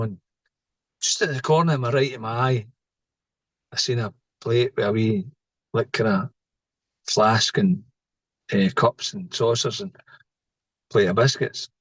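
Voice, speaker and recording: A man's voice: lowish voice, no room sound, low-quality recording. A middle-aged Scottish man, a podcast guest, telling a personal story in a rambling way, often tagging lines with "right?". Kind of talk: casual storytelling.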